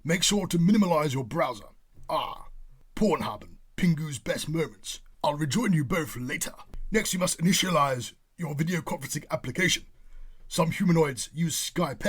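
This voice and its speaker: A man's voice: fairly high pitch, animated, moderate pace, slightly rough. A man doing a plummy pompous politician. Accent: posh English. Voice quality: plummy, old-fashioned phrasing. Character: pompous posh British male politician, bumbling. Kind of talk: comedy sketch impression.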